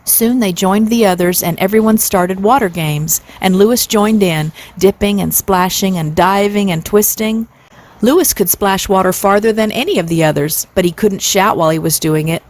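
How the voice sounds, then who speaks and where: A woman in her sixties reading a classic children's book aloud in a gentle, steady way. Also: mid-range voice, normal speed. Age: 60s. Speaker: storyteller, channel host.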